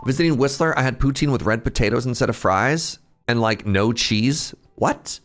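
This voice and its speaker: A man's voice: medium pitch, moderate pace, fairly bright tone. A young adult man casually live-streaming a game, chatting with his viewers, reading out their names and laughing often. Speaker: streamer playing an incremental game. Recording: faint game music underneath.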